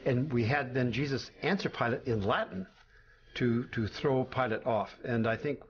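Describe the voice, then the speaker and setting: A man's voice: mid-range voice, moderate pace, lo-fi sound, a little hiss or hum. Man explaining a film's language work. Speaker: language consultant on a film. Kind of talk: documentary interview.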